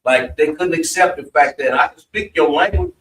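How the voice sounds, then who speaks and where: A man with a lively, fairly high voice tells a rambling story and often affirms the other speakers. He is recorded from a distance. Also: moderate pace, roomy sound, a little hiss or hum. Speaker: member of a religious meeting. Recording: mic far off.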